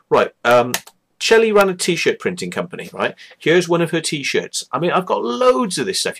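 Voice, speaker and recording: A man's voice: medium pitch, a bit bright. A man hosting his own show, ranting casually with lots of swearing, scorn and rambling asides. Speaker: host. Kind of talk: casual profane rant.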